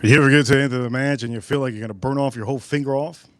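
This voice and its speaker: A man's voice: mid-range voice, steady tone, very fast. A man casually hosting a live stream, joking loosely and talking to viewers in the chat.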